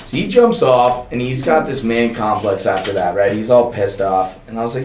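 A man's voice: fairly low pitch, normal speed, few pauses, darkish tone, reverberant, a little hiss or hum. A young man, a podcast guest, telling a long story in a casual, profane, laid-back way and laughing often.

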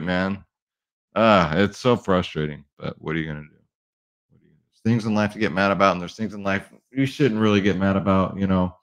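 A man with a fairly low voice hosts a casual sports betting vlog. He talks brashly and swears freely, and he whoops loudly as he hypes up his picks. He is recording in a sparse home studio with bare walls. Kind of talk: casual hyped-up vlog talk.

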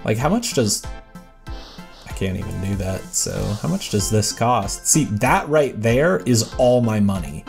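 A man's voice: on the low side, sing-song, measured pace, gravelly, darkish tone, faint music behind. A man giving casual, rambling gameplay commentary as a let's play host, self-deprecating and chatting to the characters on screen.

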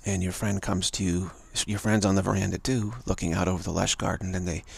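A man giving a live spiritual talk, halting and repeating words as he tells a story and acts out the voices in it. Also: low voice, little pitch movement, vocal fry, husky, no room sound. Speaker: spiritual teacher.

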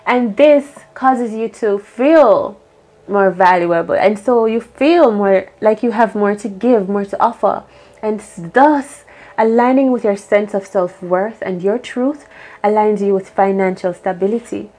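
A woman reads tarot cards on her own, speaking in an affirming, encouraging way. She thinks aloud as she works through each card. Her pitch sits in a middle range for a woman. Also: unhurried, darkish tone. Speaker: tarot reader. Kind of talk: solo tarot reading.

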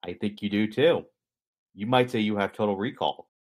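A man's voice: on the low side, moderate pace, a little mellow. Man telling a story on a podcast. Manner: conversational, jokey, explains history to co-host. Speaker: podcast co-host.

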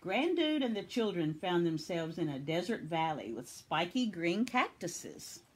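A woman from Tennessee reading a children's picture book aloud with expressive storytelling. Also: fairly low pitch, a little slow, slightly rough.

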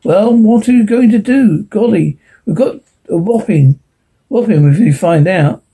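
Brief: a jumpy, defensive young boy, put on by a male narrator, voice pitched way up and husky. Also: animated, measured pace, warm tone, exaggerated voice. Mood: anxious.

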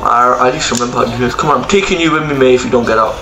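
This young male gaming YouTuber speaks very fast in a mid-range voice, casually chatting with plenty of slang while he plays and explains a game tutorial on camera. The recording picks up room echo and background noise.

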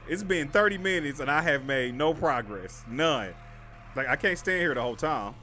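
A young adult man casually commenting on his own gameplay, slangy and animated, jumping from loud outbursts to hushed muttering and repeating short phrases under stress. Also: fairly high pitch, normal speed, a little hiss or hum. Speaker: gaming channel host.

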